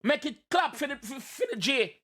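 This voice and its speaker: A Jamaican man with a high, lifted voice reacts to a track in animated patois. He jokes, shouts and chants, with his energy spilling over. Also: normal speed. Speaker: reaction video host.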